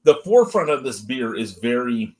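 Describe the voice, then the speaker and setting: A man's voice: medium pitch, very animated, normal speed, darkish tone. A man hosting a casual beer review, talking through smells and flavors with frequent swearing and jokes. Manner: profane, joking, chatty running commentary.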